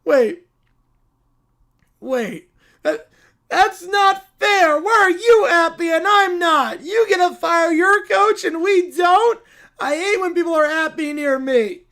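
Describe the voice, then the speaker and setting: A synthetic voice playing a jealous, spoiled little girl who whines and shouts her complaints. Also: slow, heavily acted. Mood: outraged. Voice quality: high, whining and petulant. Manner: sulky complaining, outbursts of shouting.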